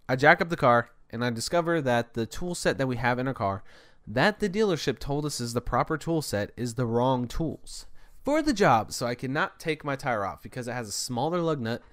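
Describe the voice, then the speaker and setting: A young man hosting a podcast, telling a long story in a rambling, breathless way, tired after a hard day. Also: medium pitch. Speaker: podcast host. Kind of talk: casual solo storytelling.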